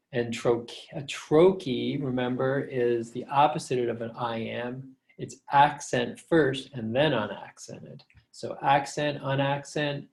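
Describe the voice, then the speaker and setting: A middle-aged man lecturing as a professor over a slideshow, relaxed and conversational, with fillers, reading verse slowly to show its rhythm. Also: medium pitch, gravelly. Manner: reads verse lines slowly to show the meter.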